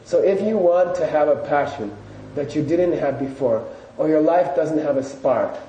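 A man's voice: fairly high pitch, moderate pace, mellow, lo-fi sound. A man teaching a live audience, chatty and storytelling, with loose fillers, recorded from a distance in an echoey room. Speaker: Buddhist teacher. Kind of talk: casual lecture to a live audience. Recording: echoey room, distant mic, faint noise.

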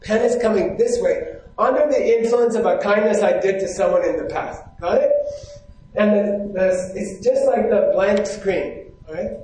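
Brief: male Buddhist teacher, higher-pitched voice, keeps quizzing the room, heavy hall echo. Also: a little slow, darkish tone, recorded from a distance. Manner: keeps checking in with the audience, asking questions. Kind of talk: live teaching talk to an audience. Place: hall with a stage. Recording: very echoey hall.

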